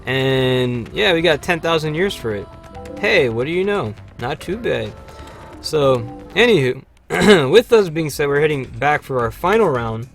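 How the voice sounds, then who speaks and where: A man hosting a livestream, chatting casually over gameplay with lots of fillers and sudden excited shouts. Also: fairly high pitch, unhurried, gravelly, faint music behind. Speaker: livestream host.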